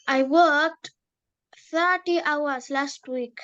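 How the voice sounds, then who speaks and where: A woman student in an English lesson, carefully and haltingly repeating practice sentences. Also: sits high, a bit bright, highs cut off. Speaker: language student.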